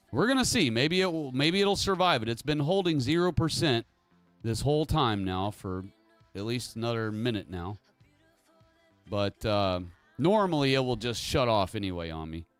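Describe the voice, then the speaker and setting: A man's voice: high voice, fairly bright tone, no room sound. A man hosting his own livestream, talking casually in a rambling, emphatic way while reading chat messages aloud. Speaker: livestream host.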